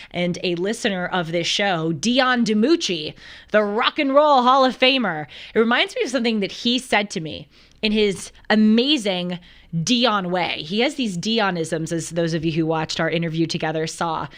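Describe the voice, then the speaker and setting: A woman hosting a talk show, mixing scripture commentary with lively, laughing, chatty asides. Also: mid-range voice, normal speed. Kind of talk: casual commentary with scripture reading.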